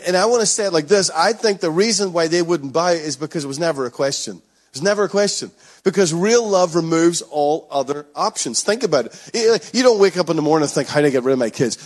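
Middle-aged male pastor, sermon delivery, earnest and emphatic, a touch high-pitched. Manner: earnest, emphatic, repeats key lines.

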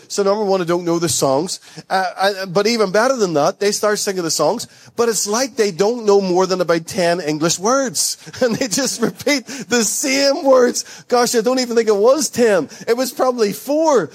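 A man preaching to his church, telling a story in a conversational, jokey way and correcting himself as he goes. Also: high-pitched. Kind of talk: sermon with storytelling.

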